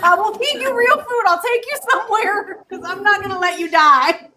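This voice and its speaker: High-voiced woman telling stories, noisy stream. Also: normal speed. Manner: laughing storyteller, quotes producers. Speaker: reality show cast member. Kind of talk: casual livestream chat.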